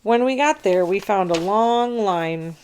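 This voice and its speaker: A woman reading a children's chapter book aloud, narrating with expressive storytelling. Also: medium pitch, unhurried, a little hiss or hum.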